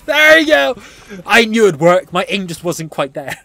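A man streaming a horror game, reacting loudly, swearing at enemies and chatting to viewers between laughs. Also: sits high, normal speed, gravelly. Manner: excitable, yelling and swearing at the game. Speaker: gaming channel host. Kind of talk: let's play commentary.

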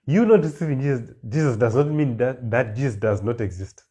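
A male preacher with a warm, husky, medium-pitched voice and lively intonation reads scripture slowly, then explains it with rising emphasis and repetition.

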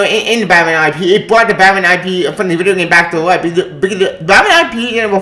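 A gaming vlogger delivers an angry, profane solo rant. He stumbles, repeats himself and keeps circling back to his complaint. His voice sits slightly high and rings in an echoey room. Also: bright, forceful tone. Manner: profane, agitated, repetitive, halting.

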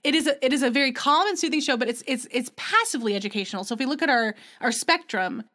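This young woman speaks on the higher side as she co-hosts a podcast in easygoing chat. She talks in rambling runs, often restarting her sentences and sometimes dropping briefly into playful character voices. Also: lively intonation, quick pace, sharp tone. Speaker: podcast co-host. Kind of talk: casual chat.

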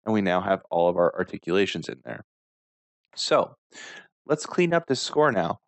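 A man, a music instructor, calmly talking through a screen-recorded software tutorial step by step. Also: deep voice, normal speed, vocal fry, no echo. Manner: calm step-by-step walkthrough.

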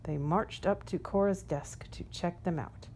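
A woman reading a children's picture book aloud in a gentle, unhurried storytelling manner. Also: fairly low pitch, a little hiss or hum. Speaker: storybook reader.

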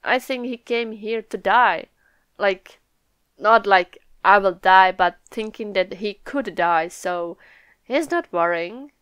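A young woman hosting a live comic reaction video, excitable and laughing often, swearing freely. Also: medium pitch, takes it slowly, clear, resonant tone, no room sound. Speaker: manga reaction video host.

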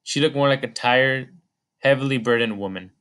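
Man, audiobook narration, measured, mid-pitched. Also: fairly bright tone, clear, resonant tone. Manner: measured storytelling. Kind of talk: scripted narration.

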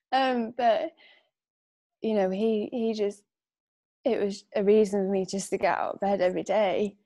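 A young woman chatting as an interview guest, her voice at an ordinary middle pitch. She talks loosely, with lots of fillers and frequent laughs, and she gets emotional. The sound is close and dry. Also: fairly even intonation, measured pace, pauses often, warm tone, no room sound. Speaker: podcast guest. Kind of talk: casual interview chat.

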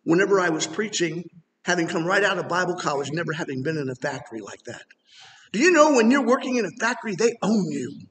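A middle-aged male pastor preaching a sermon in a church, animated and rising to emphatic near-shouts. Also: sits high, fast talker. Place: church sanctuary. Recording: long hall reverb.

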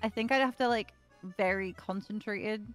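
A woman's voice: medium pitch, moderate pace, soft background music. A woman with a mild Liverpool accent, a guest chatting casually with lots of restarts and casual swearing. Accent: mild Liverpool English. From Liverpool, England. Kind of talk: casual chat.

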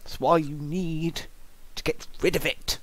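A man's voice: fairly high pitch, steady tone, unhurried, dry recording. A man giving comic, exasperated reaction commentary, jokingly disgusted and theatrical.

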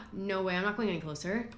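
Casting: young woman YouTuber, easily startled, bright tone, echoey room. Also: medium pitch. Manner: jumpy, exclaiming, easily startled. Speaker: gaming YouTuber. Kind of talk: let's play commentary. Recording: echoey room, faint noise.

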